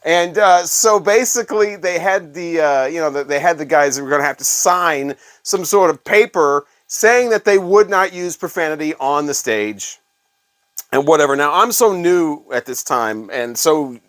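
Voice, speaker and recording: A man's voice: fairly high pitch, animated, normal speed, a bit bright. A middle-aged man from Illinois, a former radio worker, telling casual rambling stories full of fillers. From Illinois, USA. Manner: rambling and conversational, with frequent fillers. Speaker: former radio staffer, record collector. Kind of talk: casual storytelling vlog.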